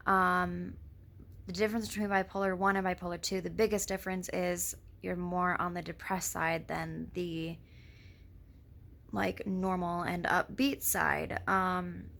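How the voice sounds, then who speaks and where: A woman's voice: fairly low pitch, little pitch movement, measured pace, creaky, fairly bright tone. A young woman with a lisp, talking casually to her camera in a rambling, scattered way and swearing freely. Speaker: vlogger. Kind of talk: casual personal vlog.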